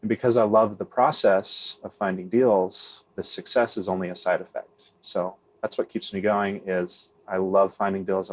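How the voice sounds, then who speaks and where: A middle-aged man, a real estate investor, answering interview questions candidly, often tagging on "right?" and restarting phrases. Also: low voice.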